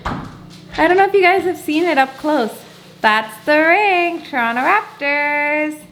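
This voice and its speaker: A woman's voice: sits high, animated, slow, fairly bright tone. A young woman in her twenties chatting casually to the camera at home in a bubbly, giggly way. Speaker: vlogger. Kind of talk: casual vlog chat. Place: family home, indoors.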